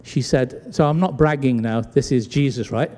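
A pastor from Britain speaks at medium pitch and a moderate pace while preaching in a church sanctuary. He animatedly plays out the voices in his story, captured with long hall reverb.

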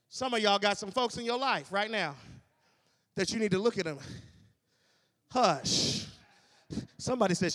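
High-voiced guy preaching, punchy amen after amen, bright, echo of a big hall. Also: big pitch swings, normal speed, pauses often. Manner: call-and-response, repetitive, rising to shouts. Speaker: pastor. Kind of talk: sermon. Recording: reverberant church hall.

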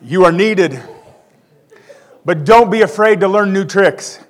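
A man's voice: sits high, slow pace. A man in his forties preaching a conversational sermon with self-deprecating humor. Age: 40s. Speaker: pastor.

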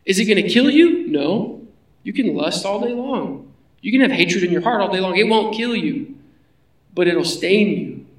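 A man's voice: sits high, animated, moderate pace, roomy sound, distant mic, poor audio. A man preaching a sermon in a conversational way, asking his listeners rhetorical questions. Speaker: pastor.

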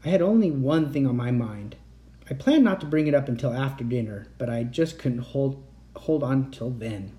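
A man's voice: mid-range voice, expressive, normal speed, warm tone. Man reading a children's story aloud. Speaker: audiobook reader. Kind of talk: scripted narration.

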